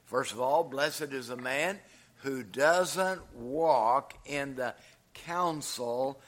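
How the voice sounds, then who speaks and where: A man's voice: medium pitch, fairly bright tone. An older man preaching a sermon in a folksy, humorous way, drawing out his words. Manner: folksy, humorous, drawn-out delivery.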